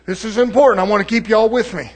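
A man preaching a sermon, swinging from low murmurs to shouted declarations and calling out to the congregation for responses. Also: fairly even intonation, racing.

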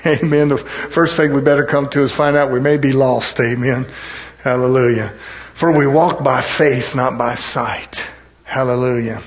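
A man preaches with fervor and a fairly bright tone, his sermon broken up by amens and hallelujahs. When quoting scripture, he drops low and slows.

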